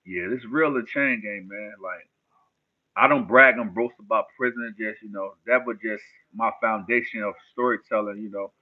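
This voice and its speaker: A man's voice: lowish voice, moderate pace. A man from New Jersey hosts a loose, casual livestream, trading street slang with his viewers. The sound is narrow and tinny, like it is coming down a phone line. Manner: laid-back street slang, answers chat questions. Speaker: livestream host.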